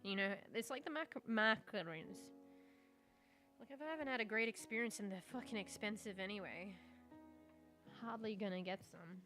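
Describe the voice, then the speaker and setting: A woman's voice: medium pitch, moderate pace, sharp tone, faint music behind. Rambling, swearing Australian woman streamer. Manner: rambling, swears casually, chuckles. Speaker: VTuber streamer. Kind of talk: casual live-stream chat.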